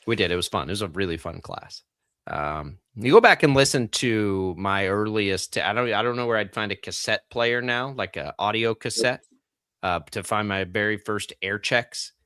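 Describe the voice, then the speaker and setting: A young radio host with a low pitch and a bright, forceful tone, rambling through casual sports talk with plenty of fillers. He grew up in Texas but has trained out the twang. The sound is close and dry, straight off a studio mic. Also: moderate pace, smooth, no room sound. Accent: General American, trained out a Texas twang. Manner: rambling, self-deprecating, lots of fillers. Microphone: studio broadcast mic.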